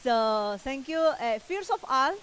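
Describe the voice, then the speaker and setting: A woman with a strong Spanish accent gives a motivational keynote in a large event hall. Her voice is high, her English halting, and she repeats herself earnestly. Long reverb trails her words. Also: lively intonation, fairly bright tone, slight background noise. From Latin America. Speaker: keynote speaker. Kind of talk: motivational stage talk.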